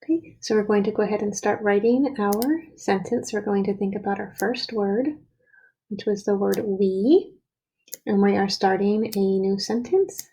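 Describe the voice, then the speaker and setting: A woman's voice: medium pitch, vocal fry, mellow, slight background noise, poor audio. A woman teacher leading a recorded writing lesson for young children, patiently sounding out each word and letter.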